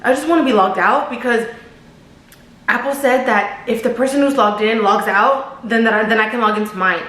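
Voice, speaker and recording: A man's voice: very high voice, moderate pace, pushed and bright. A woman quoting a stammering nervous young man. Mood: awkward pleading. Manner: stuttering, hesitant, fillers. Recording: roomy echo.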